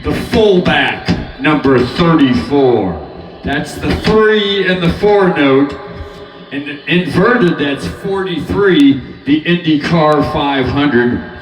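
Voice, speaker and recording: A man rambling about chords and word play while playing guitar at home, with loose free association. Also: medium pitch. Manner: rambling, free-associating, breaks into laughter and snatches of singing. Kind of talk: rambling musing over guitar practice. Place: home room with guitar amp. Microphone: dynamic mic, sung dry. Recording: roomy home recording, mic at a distance.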